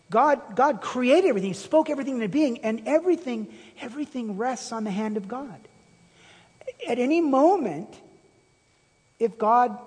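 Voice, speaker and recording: A husky, fairly high-voiced man preaches to his congregation, building from a conversational telling to emphatic, animated peaks. His voice carries a long reverb from the hall around him, recorded from the room as he speaks. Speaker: pastor. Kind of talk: sermon.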